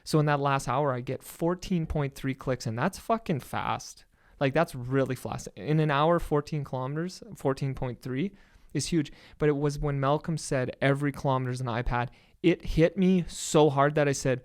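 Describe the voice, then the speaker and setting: A young man with a Canadian accent tells a story in a casual, excited way and swears freely. His voice is smooth and clear, and it sits at a middling pitch. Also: moderate pace. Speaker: podcast guest.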